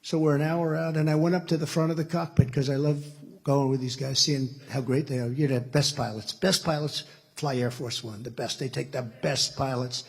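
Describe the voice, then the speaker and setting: A man's voice: mid-range voice, fairly even intonation, moderate pace, creaky, husky. A man in his seventies with an American accent, giving a rambling, repetitive keynote speech at a party meeting. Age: 70s. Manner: rambling, repetitive, boastful asides. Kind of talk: political rally speech, anecdotal storytelling. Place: indoor event venue.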